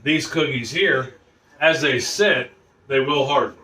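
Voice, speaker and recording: A man's voice: medium pitch, takes it slowly, bright, forceful tone. A man hosting a casual home cooking video in his kitchen, chatty and rambling, often restarting his sentences. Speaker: home cooking channel host.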